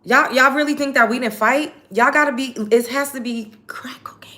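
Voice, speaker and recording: A woman hosting a casual get-ready-with-me live stream, chatting directly to her viewers in an animated way. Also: high voice, moderate pace.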